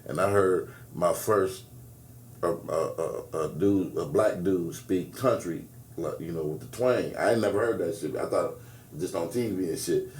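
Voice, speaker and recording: A man's voice: low voice, moderate pace, roomy sound. A man hosting a casual podcast chat, telling stories with lots of swearing and laughter. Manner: animated storyteller, swears freely, laughs often. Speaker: podcast host and comedian.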